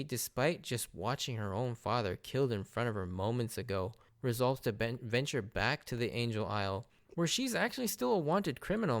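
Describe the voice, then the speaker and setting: This podcast host has a clear, resonant, mid-range voice as he walks through anime episodes casually and with plenty of enthusiasm. He laughs often and mimics lines spoken by the characters.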